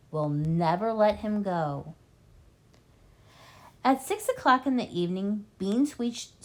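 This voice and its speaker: Female reading tutor, animated children's audiobook narration. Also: lowish voice. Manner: expressive, lively storytelling.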